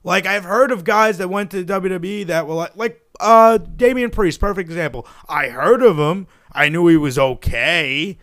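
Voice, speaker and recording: Brash, profane male podcast host, slightly high voice, emphatic. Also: normal speed, hardly any pauses, a bit bright. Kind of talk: casual chat.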